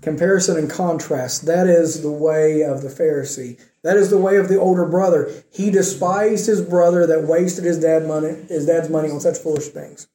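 Male pastor preaching emphatically, mellow tone, echoey room. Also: fairly high pitch, fairly even intonation, normal speed, few pauses. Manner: emphatic preaching with rhetorical questions to the congregation. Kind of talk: sermon.

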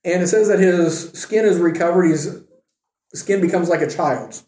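A man who teaches Bible study tells a story in a casual, animated way, tossing in joking asides. His voice is high and mellow, his speed normal, and the room he's recorded in is echoey.

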